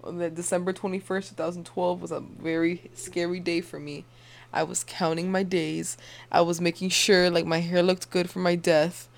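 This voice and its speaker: A young woman co-hosting a casual podcast, talking in slang, laughing often and dropping to a hush for confessions. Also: fairly low pitch, flat delivery, moderate pace, gravelly. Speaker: podcast co-host.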